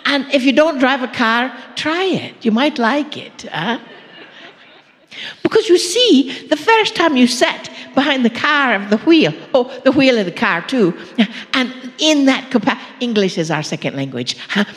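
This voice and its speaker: A woman's voice: high voice, very animated, measured pace. Playful woman channeler in a reverberant hall. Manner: playful, coaxing, chuckling asides. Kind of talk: channeled spiritual talk.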